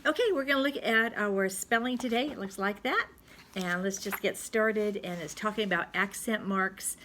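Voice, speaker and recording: A middle-aged woman with a fairly low-pitched voice teaches second graders a recorded spelling lesson. She chats slowly and gently, with many pauses and fillers.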